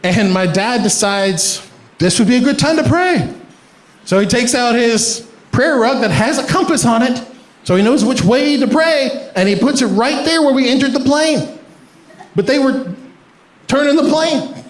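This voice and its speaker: High-voiced stand-up comedian. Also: male voice, moderate pace. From American South. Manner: punchy, often laughing through lines. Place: live comedy venue. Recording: echoey live venue with audience noise.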